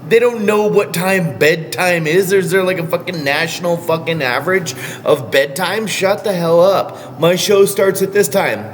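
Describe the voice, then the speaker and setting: A man's voice: sits high, normal speed, few pauses. A man coaching powerlifters in a casual vlog rant, blunt and scolding, swearing constantly. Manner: blunt, heavily profane, scolding.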